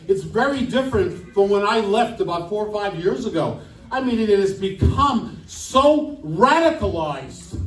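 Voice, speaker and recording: A man's voice: very high voice, far from the mic. Emphatic New man speaking in an echoey room. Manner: emphatic, rhetorical questions, indignant. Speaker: speaker at a political club. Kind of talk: political speech. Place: club meeting room.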